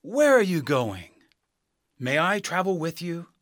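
A man voicing a stiff, rusted tin man who pleads slowly in a high, strained voice for a storybook reading. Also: big pitch swings, a bit bright, no room sound, clean studio sound, heavily acted. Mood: grateful. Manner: slow, strained, high and distant.

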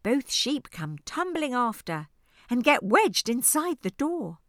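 A woman narrating a rhyming children's storybook in an expressive, sing-song studio reading. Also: a little high, takes it slowly, no echo. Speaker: audiobook narrator. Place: recording studio. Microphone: studio microphone.

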